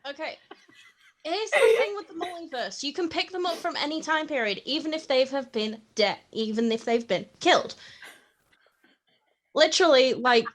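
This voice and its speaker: A woman's voice: sits high, expressive, normal speed. A woman hosting a podcast, chatting casually with playful, teasing interjections. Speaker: podcast host. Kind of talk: casual chat.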